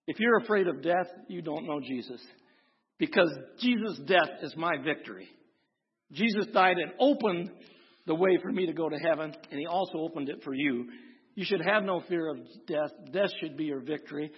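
In a slightly high, breathy-edged voice at normal speed, a pastor from Wisconsin preaches. He tells folksy, humorous stories and presses his message with forceful, rising intensity. The recording is dull and lo-fi, with long reverb from the hall.

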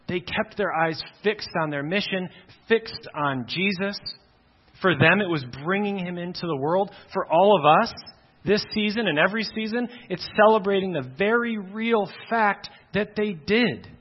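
A man's voice: high-pitched, animated, measured pace, slightly rough. A man preaching a sermon, emphatic and repeating key phrases for stress. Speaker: pastor. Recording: dull, reverberant hall sound.

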